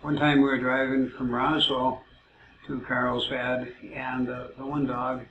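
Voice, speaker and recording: A man telling rambling personal stories in a halting way, full of "uh" fillers. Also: mid-range voice, level tone. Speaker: self-described psychic telling stories. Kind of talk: casual storytelling. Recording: roomy, muffled, noisy amateur recording.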